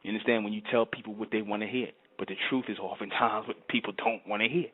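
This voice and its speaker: A fervent man talks in a low voice, emphatic and repetitive. He keeps asking if you understand. The sound is thin and tinny, like a phone line. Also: fairly even intonation, quick pace, husky. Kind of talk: fervent monologue to camera.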